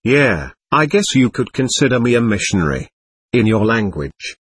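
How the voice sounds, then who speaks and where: A man reading the lines of an aloof, mysterious young woman in her twenties, in a calm, evasive, matter-of-fact way and his own husky voice. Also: mid-range voice, normal speed.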